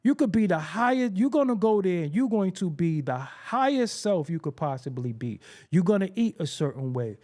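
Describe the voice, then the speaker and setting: A man's voice: high voice, big pitch swings, normal speed, few pauses, mellow. A man hosting a hip-hop talk show, telling stories in a casual, streetwise way full of slang, repeats and emphatic asides. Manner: frequent profanity and slang. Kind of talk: casual commentary monologue.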